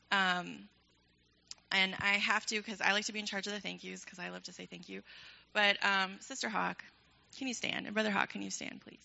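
A woman's voice: mid-range voice, gravelly, pushed and bright, muffled recording. A young woman leading a ministry program, addressing a church in a casual, enthusiastic, chatty way with frequent laughter.

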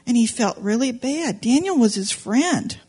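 A woman teaching Sunday school, telling a story to children in an animated, playful way and asking them questions. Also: a little high, unhurried, husky. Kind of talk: storytelling demonstration lesson for children. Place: church classroom with children.

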